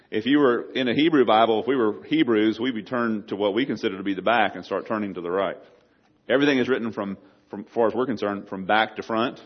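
A man's voice: lowish voice, muffled recording. A man preaching a sermon as pastor, earnest, often repeating words and rising in emphasis. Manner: earnest, repeats words, rises loud on quotes.

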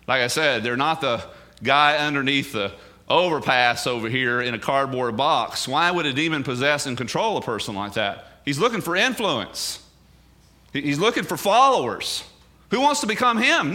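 A man's voice: mid-range voice, sharp tone. A male pastor giving a sermon in an emphatic, conversational way, full of rhetorical questions.

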